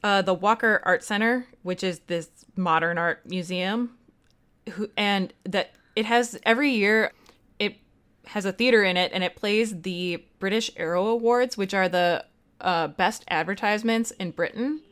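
A young woman co-hosting a podcast, talking in a chatty, animated, self-deprecating way. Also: medium pitch, measured pace, clean tone. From United States. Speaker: podcast co-host. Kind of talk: casual chat.

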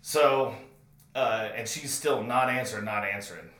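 A man's voice: lowish voice, moderate pace, a bit bright, reverberant. A man hosting a podcast, telling a comedic story with lots of swearing, and his retelling grows frantic. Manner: profane, builds to frantic retelling.

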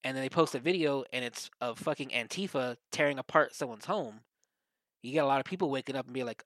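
A man, co-hosting a casual podcast chat, rambling and profane, getting animated when he quotes others. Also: mid-range voice, fast, dry recording. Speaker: podcast co-host.

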